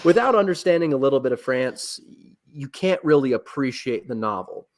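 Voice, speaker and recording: A man talks as a podcast guest, lecturing eagerly about history and a favorite novel. His voice sits at an ordinary middle pitch. He keeps backing up and restarting his sentences, padding them with loose filler words as he goes. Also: lively intonation, moderate pace. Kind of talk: casual chat.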